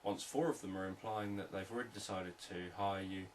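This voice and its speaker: Deep-voiced man teaching calmly. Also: brisk, distant mic, a little hiss or hum, low-quality recording. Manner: calm, repetitive explanatory delivery. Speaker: hypnotherapist and sales trainer. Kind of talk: unscripted teaching talk.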